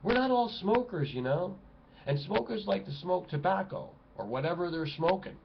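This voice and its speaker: A man vlogging from home in an impassioned ranting monologue, swinging between loud exclamations and low mutters. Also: lively intonation, moderate pace, creaky, muffled recording, background noise. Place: home room at a computer desk.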